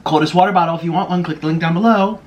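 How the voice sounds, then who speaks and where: In a city apartment, sitting indoors by a window, a YouTuber films a mukbang eating vlog, gushing and exclaiming over his food between bites. His fairly high voice races along very fast over music.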